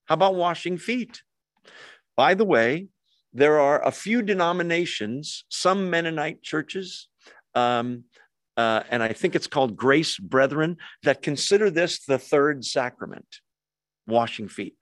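Lively man teaching a Bible study. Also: on the high side, a little slow, dry recording, clean studio sound. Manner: lively, asks the group rhetorical questions.

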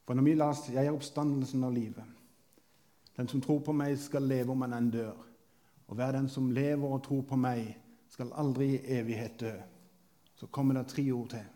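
A man preaching a sermon, slow and deliberate, with long pauses between phrases. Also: mid-range voice, little pitch movement, warm tone.

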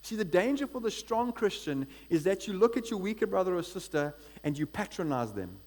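A man preaching a sermon in an energetic, conversational way, often checking in with the congregation. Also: high voice, a little fast. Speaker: pastor.

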